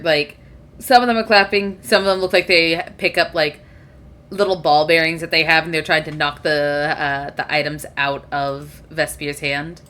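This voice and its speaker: A woman's voice: deep voice, a bit bright. A woman narrating a tabletop game as game master, describing the scene with frequent fillers.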